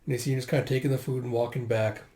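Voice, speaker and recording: A man reading a comic aloud in a relaxed, chatty way, filling gaps with casual asides. His voice sits in an ordinary middle pitch for a man. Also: very fast, reverberant. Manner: casual, filler-heavy retelling. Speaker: comic readthrough host.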